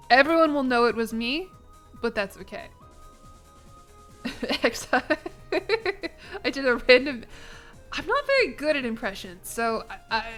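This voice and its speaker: A woman's voice: fairly high pitch, a bit bright. A young American woman chatting casually while streaming a game, joking, self-mocking, and laughing often. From United States. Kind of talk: casual live-stream gaming commentary.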